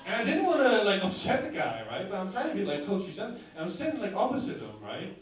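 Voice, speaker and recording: A man's voice: very animated, fast talker, heavy reverb, background noise. A young man doing a stand-up comedy set on a club stage, chatting to the crowd and checking in with "right?" after each point. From northern England. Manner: conversational, keeps asking the crowd "right?". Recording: boomy club room heard from a distance. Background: audience laughter.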